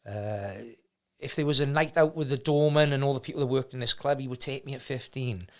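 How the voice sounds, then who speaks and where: A man's voice: medium pitch, brisk. A middle-aged man, telling his life story as a guest in a casual chat, rambling with many restarts. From Wales. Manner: rambling, many restarts, acts out quoted people. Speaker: martial arts gym owner, guest.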